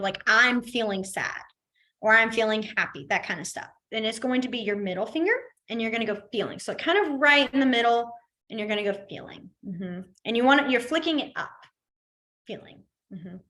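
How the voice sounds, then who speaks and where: A chatty woman teaching a beginners' class, her voice sitting a little high. She laughs easily and drifts into soft, quiet stretches while she demonstrates. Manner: chatty, laughs often, talks through demonstrations with long quiet pauses. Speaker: sign language teacher. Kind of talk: casual class instruction. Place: library classroom.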